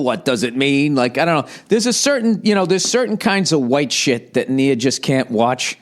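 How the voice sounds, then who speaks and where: A man's voice: mid-range voice, sing-song, moderate pace, few pauses. A man in his forties hosting a podcast, chatting casually in a blunt, profane, joking way. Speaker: podcast host. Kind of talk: casual rambling chat.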